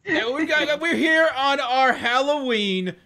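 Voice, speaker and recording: A man co-hosting a relaxed gaming podcast with a high, ringing voice. His talk is playful and teasing, full of banter with the others around him. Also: unhurried. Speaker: podcast co-host. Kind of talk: casual chat.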